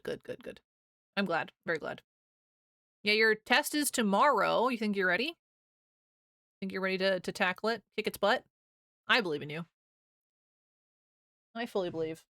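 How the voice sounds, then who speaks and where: A woman's voice: mid-range voice, animated, normal speed, pauses often, sharp tone, no echo, clean studio sound. A young American woman streaming live, chatting casually with her viewers, rambling and laughing often as she reads chat aloud.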